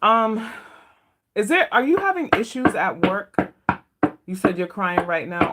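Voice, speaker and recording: A woman doing a live stream tarot reading, speaking to viewers in a gentle, emotional, comforting way that turns tearful at times. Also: mid-range voice, sing-song, a little slow, pauses often, background noise. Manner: emotional, comforting, talks to chat. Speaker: tarot reader.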